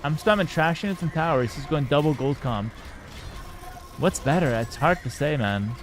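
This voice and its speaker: A man's voice: a little high, expressive, moderate pace, soft background music. A young man, streaming and commenting on a game with cocky, joking banter toward his chat. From Canada. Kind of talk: casual live-stream gameplay commentary.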